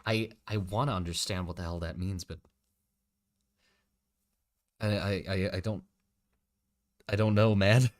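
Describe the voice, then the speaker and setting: A man's voice: deep voice, steady tone, measured pace, pauses often, no echo. A man in his twenties, originally from Germany, speaking with an American accent, chatting and joking casually with his stream chat as a streamer. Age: 20s. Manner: joking, teasing banter with chat.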